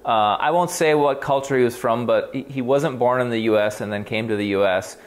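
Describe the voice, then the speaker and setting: Animated, swearing male clinician. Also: mid-range voice, brisk. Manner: animated, swears freely, frequent restarts. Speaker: clinician on a talk show. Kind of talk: casual conversational storytelling.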